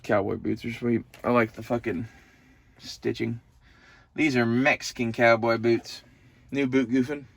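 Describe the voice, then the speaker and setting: A man's voice: medium pitch, steady tone, a little slow, vocal fry. A young man, talking to the camera in a loose, profane, meandering monologue that turns emotional at times. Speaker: vlogger. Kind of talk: casual rambling monologue.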